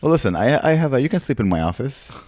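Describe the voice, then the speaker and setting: A man's voice: mid-range voice, big pitch swings, quick pace, a little mellow. A man co-hosting a casual comedy podcast, joking loosely and teasing his friend. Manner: loose, joking, teasing, says "listen" often. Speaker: podcast co-host.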